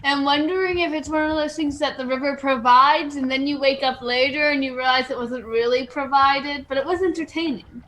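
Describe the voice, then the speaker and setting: A woman's voice: sits high, steady tone, brisk, few pauses, fairly bright tone. A woman playing in a tabletop game, giving wry, playful commentary. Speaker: player. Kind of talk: tabletop role-play.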